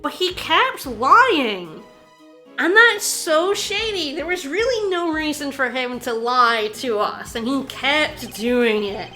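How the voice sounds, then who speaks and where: Woman streamer, high bright voice, excitable, keeps repeating herself, faint game music behind. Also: slow, hardly any pauses. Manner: excitable, insistent, repeats herself, laughs often. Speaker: streamer playing a video game. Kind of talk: casual game commentary to chat.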